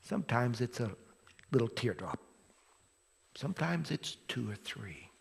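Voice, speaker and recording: A man preaching a sermon as pastor, telling the story dramatically and swinging from loud to hushed. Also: medium pitch, very animated, a little slow, creaky, a little hiss or hum. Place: church sanctuary. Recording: long hall reverb from a church.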